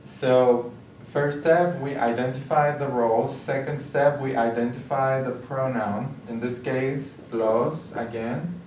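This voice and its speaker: A man tutors step by step, pausing to check in with "okay?" as he explains. His voice sits at an ordinary pitch and sounds a little distant from the mic. The room around him is echoey, with a faint hiss underneath. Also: fairly even intonation, a little mellow. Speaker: Spanish tutor. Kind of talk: recorded grammar lesson.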